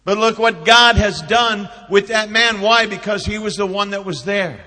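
High-voiced preacher in a reverberant hall. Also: male voice, normal speed, few pauses. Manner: builds to loud emphatic peaks, drops to hushed storytelling. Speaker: pastor. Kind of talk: sermon.

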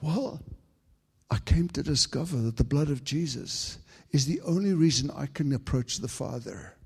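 A man preaching a fervent sermon to a congregation, stumbling over restarts as he builds to high, excited peaks. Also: normal speed, slightly rough, big-room sound. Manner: frequent stammered restarts.

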